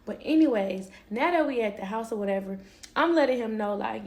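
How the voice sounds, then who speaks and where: Slangy, animated woman telling a story. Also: fairly high pitch, a little fast. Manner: slangy, animated, talks straight to viewers. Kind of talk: casual storytime.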